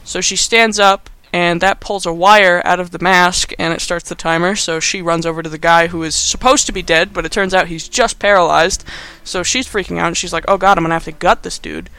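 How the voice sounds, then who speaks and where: A man's voice: high voice, steady tone, normal speed, pushed and bright, clear, resonant tone, no room sound. A man hosting a podcast, recapping a movie in casual, sarcastic chat full of fillers and asides. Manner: rambling and sarcastic, heavy on fillers. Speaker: podcast host.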